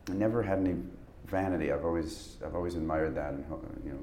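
A man's voice: low-pitched, fast talker, warm tone, slight background noise. A man, an actor, chatting casually in an interview, rambling with restarts and laughing as he tells stories. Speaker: actor guest. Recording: roomy echo.

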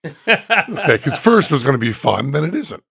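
A man hosting a podcast, telling a story in casual chat, animated, laughing often and acting out the quotes. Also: a little high, normal speed, creaky, breathy edge, no room sound. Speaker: podcast host.

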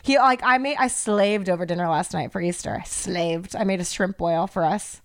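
A woman's voice: on the low side, normal speed. A woman co-hosting a podcast, ranting heatedly and swearing freely in casual chat. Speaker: podcast co-host.

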